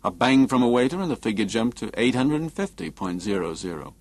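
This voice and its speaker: A man narrating a novel as an audiobook in a measured, expressive reading. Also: mid-range voice.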